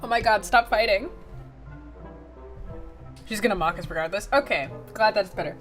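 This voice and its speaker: A woman's voice: medium pitch, normal speed, faint music behind. A woman streaming a video game, reading it aloud and chatting animatedly with her viewers. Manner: animated, talks to her chat directly.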